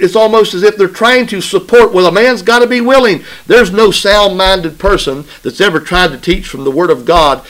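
Slow, emphatic man preaching a sermon. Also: sits high, a bit bright, poor audio. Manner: call-and-response preaching, asks congregation "right?"; emphatic, repeats phrases for stress.

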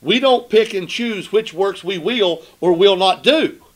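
A man preaching a sermon, emphatic, asking the congregation rhetorical questions and slowing down to read scripture. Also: sits high.

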